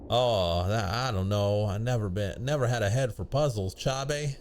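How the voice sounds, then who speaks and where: A man's voice: lowish voice, moderate pace, darkish tone, a little hiss or hum, pitched below the performer's own voice, close to an everyday voice. A man voicing a boastful, folksy old-west cowboy character who drawls in frontier slang in a video game.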